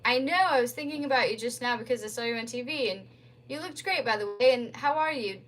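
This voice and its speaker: Awkward young dad, read by a woman, hesitant and fumbling, rather high voice. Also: fast talker, a bit bright, poor audio. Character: awkward, self-pitying young father.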